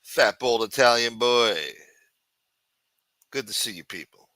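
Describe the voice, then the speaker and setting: A man hosting a casual livestream, greeting viewers with loud mock-preacher calls, crude banter and sing-song asides. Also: mid-range voice, measured pace, dry recording. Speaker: livestream host. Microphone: desk microphone.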